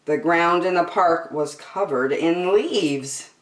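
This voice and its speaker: Slow lively storytime lady, echoey room, a bit far from the mic. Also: fairly low pitch. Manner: slow, lively, expressive reading. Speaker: children's storyteller. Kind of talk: reading a picture book aloud. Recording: roomy, from a distance.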